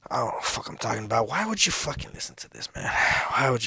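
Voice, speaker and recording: Man, 30s, solo podcaster, rambling, cursing, stop-start sentences, dry close sound, mid-pitched. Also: very animated, fast, creaky, few pauses, bright, forceful tone, husky, no echo. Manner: rambling, swears a lot, many restarts. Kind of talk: casual rambling monologue.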